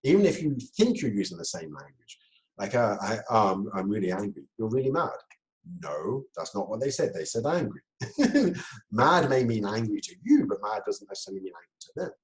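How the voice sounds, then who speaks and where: A man giving a talk on communication, lively, laughing often and acting out quoted exchanges. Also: fairly low pitch, normal speed, poor audio. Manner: lively, laughs between points, acts out quoted dialogue. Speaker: speaker.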